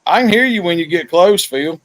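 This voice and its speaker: Man, podcast host, folksy joking chat, fairly high voice, dry close sound. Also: expressive, brisk, no echo. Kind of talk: casual live-stream chat.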